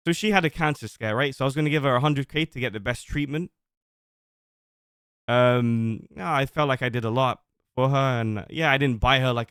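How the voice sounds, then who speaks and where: Streaming from home, a man reads old messages aloud and defends himself at length. His smooth, resonant voice sits at an everyday middle pitch with a fairly bright tone, and the close mic keeps the recording dry with almost no room sound.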